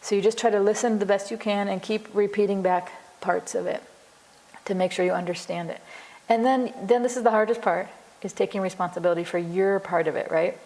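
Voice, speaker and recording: A woman's voice: medium pitch, steady tone, fairly quick, darkish tone, rough recording. A woman psychologist teaching a class, explaining earnestly in a conversational way with lots of "you know" and acted example dialogues. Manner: frequent "you know" and restarts.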